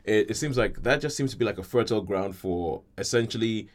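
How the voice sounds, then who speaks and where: A man with a fairly low voice hosts a casual film podcast. He rambles through his points, leaning on fillers and loosely strung phrases. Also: fairly quick. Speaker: podcast host.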